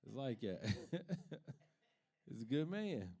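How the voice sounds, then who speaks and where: A man's voice: medium pitch, sing-song, takes it slowly, warm tone. A man from Kentucky doing stand-up, telling laid-back family stories and laughing at his own jokes. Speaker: stand-up comic. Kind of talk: stand-up comedy.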